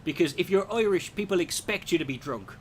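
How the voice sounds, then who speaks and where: Rambling, profane man with a higher voice. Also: a little fast, a little hiss or hum. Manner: rambling, profane, animated, many restarts. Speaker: podcast host. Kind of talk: casual comic monologue.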